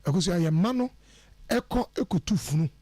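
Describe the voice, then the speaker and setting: Here the radio guest's voice is high-pitched and his pace measured, with no room sound on the recording. Speaking from the studio, he offers spirited, sermon-like guidance on arranging one's life, sprinkling in English phrases.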